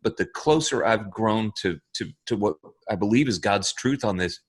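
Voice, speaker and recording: A man who is a lead pastor, talking earnestly in a halting, apologetic way and repeating words as he searches for them. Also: on the low side, expressive, breathy edge. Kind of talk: earnest conversation.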